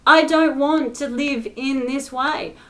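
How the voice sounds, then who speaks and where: A woman's voice: high voice, steady tone, takes it slowly. A woman in an angry, exasperated rant to camera, swearing often and stressing her words. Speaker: spiritual vlogger.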